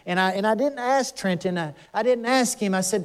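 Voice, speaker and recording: An older man preaching a conversational sermon, earnest and emphatic, slowing down to stress his words. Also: very high-pitched.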